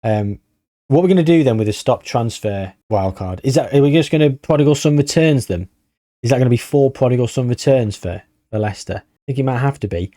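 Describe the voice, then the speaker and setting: Wry, chatty man, mellow voice. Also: medium pitch, fairly quick, no echo, studio quality. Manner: chatty, wry and sarcastic, thinking aloud. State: tired. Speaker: gaming YouTuber. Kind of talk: casual game commentary.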